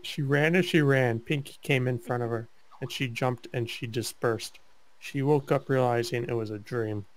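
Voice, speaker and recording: In a comedic dramatic reading, a man stumbles through a fanfic, his medium-pitched voice a little mellow. He keeps a mock-serious, halting tone while bantering with his co-host for laughs.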